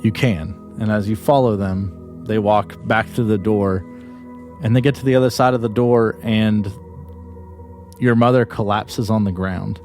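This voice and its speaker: A man's voice: on the low side, fairly even intonation, measured pace, a little mellow, faint music behind. A man narrating as game master in a tabletop game, describing scenes loosely with many restarts.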